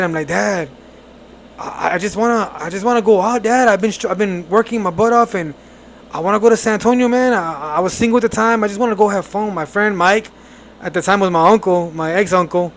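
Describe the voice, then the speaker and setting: A young man co-hosting a podcast, telling a family story in casual, animated chat with laughs. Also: high-pitched, brisk, slight background noise. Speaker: podcast co-host.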